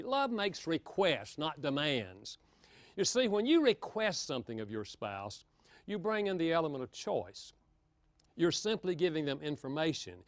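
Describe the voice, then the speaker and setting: A man giving a lively, humorous marriage seminar talk, joking with his audience. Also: a little high, unhurried, no room sound. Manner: animated, playful, jokes with the audience.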